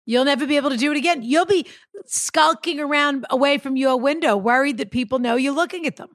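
A woman's voice: sits high, fast talker, no room sound, studio quality. A woman co-hosting a casual podcast, chatty and wry, explaining things with a laugh. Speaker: podcast co-host.

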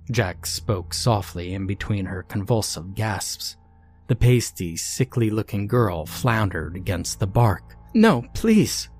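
A man narrating a scary story in a slow, deliberate, ominous scripted reading. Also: fairly low pitch, darkish tone.

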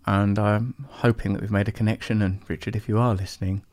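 A man's voice: fairly low pitch, steady tone, a little fast, a little mellow, no room sound, studio quality. A man hosting a podcast, talking in a playful, rambling way full of jokey asides. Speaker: podcast host. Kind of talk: casual chat.

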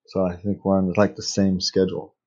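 Older husky-voiced man hosting a podcast. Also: sits low, little pitch movement, a little fast, darkish tone, highs cut off. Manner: rambling, chuckles often. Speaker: podcast host. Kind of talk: casual podcast chat.

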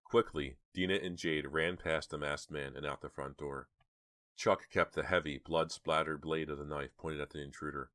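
Very deep-voiced male audiobook narrator. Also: fairly even intonation, moderate pace, fairly bright tone, dry recording, clean studio sound. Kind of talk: scripted horror narration.

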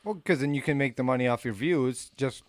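A man's voice: mid-range voice, fairly quick, dry recording. A man hosting a podcast, chatting in an easygoing, casual way and often restarting his sentences. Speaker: podcast host.

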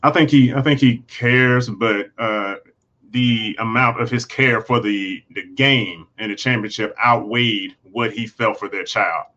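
A man with a bright, forward voice gives his view as a panelist in a casual online discussion. His audio sounds dull and lo-fi, and he explains his points earnestly. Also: medium pitch, unhurried.

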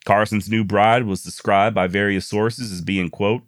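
A man's voice: fairly low pitch, normal speed, hardly any pauses, a bit bright, dry recording, studio quality. A man narrating frontier history in a casual, folksy way with wry asides. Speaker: history storyteller.

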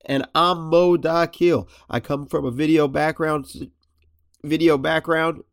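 A man's voice: a little high, steady tone, unhurried, dry recording, clean studio sound. A man hosting a casual sports podcast, nasal and congested, joking and teasing his co-hosts. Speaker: podcast host.

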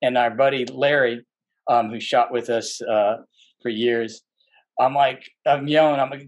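A man's voice: medium pitch, moderate pace, dull audio. A man who is a podcast guest, telling stories in a rambling, casual way with many fillers and restarts, and livening up when he quotes people. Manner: animated when quoting people.

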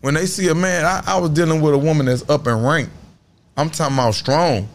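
A man's voice: a little high, brisk. Blunt, self-assured man in his thirties. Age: 30s. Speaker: guest. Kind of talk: casual interview talk.

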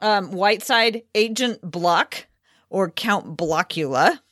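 A woman's voice: medium pitch, animated, slow pace, a bit bright, no echo, studio quality. A woman co-hosting a sports podcast in casual chat, reading out listener questions. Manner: upbeat, reads listener questions. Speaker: podcast co-host.

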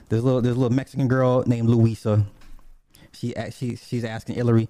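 A man's voice: mid-range voice, little pitch movement, fairly quick, dark tone, dry recording. A man casually retelling a TV episode, rambling and profane, with many restarts and asides.

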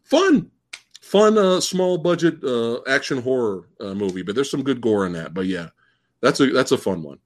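A man guesting on a casual movie podcast, excitable and swearing casually as he gushes about films. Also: normal speed. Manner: excitable, swings pitch wildly, swears casually.

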